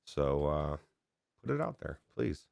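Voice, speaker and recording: A man with a very low voice co-hosts a gaming podcast, rambling loosely and excitably, often restarting his sentences. He is recorded dry and close to the mic. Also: measured pace, vocal fry, no room sound. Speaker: podcast co-host. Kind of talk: casual chat about gaming news.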